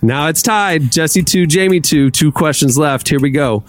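A man's voice: fairly high pitch, normal speed, soft background music. A man hosting a trivia game on a podcast, playful and emphatic, often laughing between questions. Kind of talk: casual quiz hosting.

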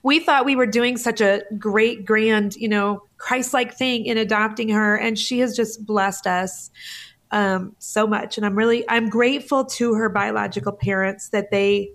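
A woman's voice: mid-range voice, fairly even intonation, unhurried, a bit bright. Lady in her 40s on a podcast, tearful, emotional storytelling, gets choked up. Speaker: guest author. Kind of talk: podcast interview.

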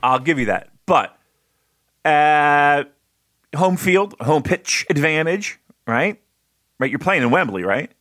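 A man's voice: fairly high pitch, expressive, takes it slowly, long pauses, a bit bright, dry recording, studio quality. A man co-hosting a podcast in casual chat, laughing easily and asking questions. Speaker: podcast co-host.

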